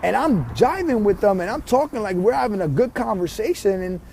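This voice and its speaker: A man's voice: sits high, big pitch swings, fairly quick, vocal fry, darkish tone, a little hiss or hum. A man working as a life coach, giving a motivational vlog monologue straight to his viewers, earnest and often restarting or repeating words.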